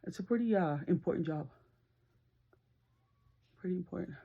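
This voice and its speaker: A woman's voice: normal speed, gravelly, narrow, tinny audio. A woman vlogger telling a story in a casual, chatty way while doing her makeup, laughing as she talks. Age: adult, works as a nurse. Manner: chatty and animated, laughs, slips into high-pitched screams when retelling. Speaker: beauty vlogger.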